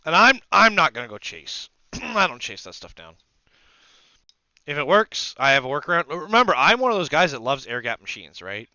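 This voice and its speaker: A man's voice: on the high side, big pitch swings, moderate pace, pushed and bright, dry recording, highs cut off. A man hosting a casual maker livestream, rambling to his viewers and to himself as he sets up a 3D print. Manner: rambling, talks to the audience and to himself. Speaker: maker channel host.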